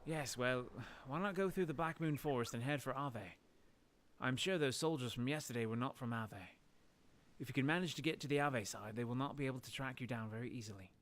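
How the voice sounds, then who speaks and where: A man's voice: medium pitch, lightly acted. A man doing a formal old village doctor. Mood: calm. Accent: put-on South African. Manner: measured, formal.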